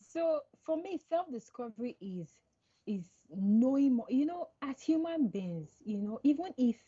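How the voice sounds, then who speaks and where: A woman's voice: high-pitched, measured pace, breathy edge, highs cut off. A woman guest on a podcast call, chatting casually and acting out the lines of people in her stories. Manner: animated storytelling, acts out quoted dialogue. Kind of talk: casual interview chat.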